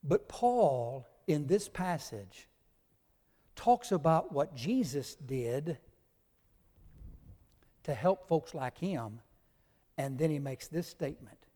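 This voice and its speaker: A male pastor delivers a sermon to his congregation, teaching with emphasis and spelling out Greek words. His voice is on the high side and dark in tone, with lively intonation, a slow pace, and frequent pauses. The recording carries a long hall reverb.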